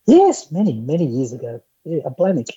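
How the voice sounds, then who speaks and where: A male podcast guest tells lively stories in a husky, warm voice. The sound is a dull, lo-fi remote line, dry with no room echo. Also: on the high side, a little fast. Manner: lively anecdotal storyteller. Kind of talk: casual chat.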